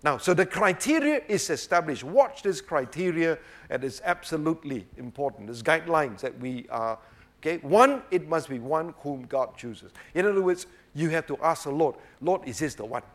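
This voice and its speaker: A man delivers a sermon in an emphatic, rhetorical way. He keeps checking with his listeners and drives his points home. His voice sits a little high for a man. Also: animated, moderate pace. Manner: emphatic, rhetorical, keeps asking "right?" and saying "obviously". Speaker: preacher.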